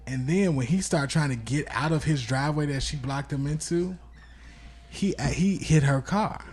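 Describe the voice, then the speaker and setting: A man co-hosting a podcast who retells a story in a quick, profane, casual way. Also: a little high, a little mellow, slightly rough. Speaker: podcast co-host. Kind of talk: casual chat.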